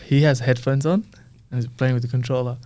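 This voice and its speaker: A man's voice: mid-range voice, a little fast. A man co-hosting a podcast, telling stories in casual chat and quoting himself along the way. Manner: relaxed anecdote teller, quotes himself. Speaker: podcast co-host.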